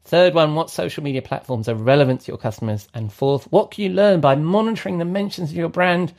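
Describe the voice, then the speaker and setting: A man's voice: a little high, a little fast, darkish tone. A man hosting a podcast in casual, jokey chat, laughing often and calling his co-host mate.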